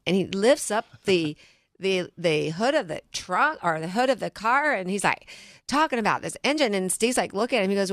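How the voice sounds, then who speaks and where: A woman's voice: medium pitch, lively intonation, normal speed, dry recording, studio quality. A middle-aged woman, a financial planner hosting a radio talk show, telling stories earnestly and restarting her sentences.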